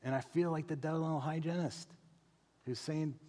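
A middle-aged man preaching from the pulpit in a casual, talky way. He repeats key phrases and keeps checking in with a quick "right?" The sound carries a long reverb from the church hall. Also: fairly high pitch, darkish tone. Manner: conversational preaching, frequent tag question "right?". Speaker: pastor. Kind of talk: sermon. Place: church sanctuary.

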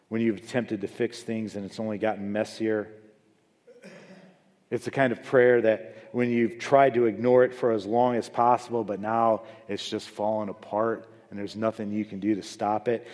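A man preaching a sermon as pastor. He swings between loud, high emphasis and low, quiet asides. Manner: rises loud and high for emphasis, then drops low and soft. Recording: long hall reverb.

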